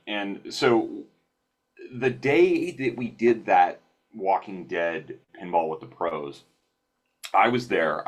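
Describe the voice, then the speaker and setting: Speaking in a low voice over a remote call, a man appears as a podcast guest and tells stories casually, animated and self-deprecating, often restarting his sentences.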